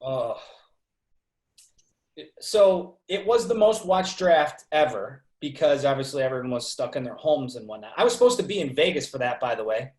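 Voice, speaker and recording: A man's voice: medium pitch, animated, normal speed, darkish tone. Easygoing male sports reporter, echoey room. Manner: easygoing, rambling, laughs often. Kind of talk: casual chat.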